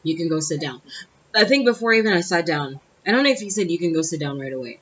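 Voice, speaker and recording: A woman's voice: lowish voice, animated, very fast, fairly bright tone, slightly rough, lo-fi sound. A young woman telling a personal story to camera in a blunt, exasperated, profane way. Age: young adult. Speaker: vlogger. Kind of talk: casual storytime monologue.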